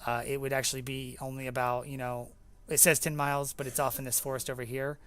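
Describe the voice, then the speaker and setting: Man, young adult, game master, halting narration, mid pitch. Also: little pitch movement, fairly bright tone, smooth, dry recording. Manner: halting, filler-heavy narration.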